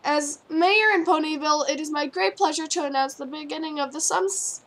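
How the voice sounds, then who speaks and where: A woman's voice: high-pitched, brisk. Pompous storybook mayor pony addressing a crowd, voiced by a woman. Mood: announcing. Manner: loud, announcing. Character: formal town mayor pony, female.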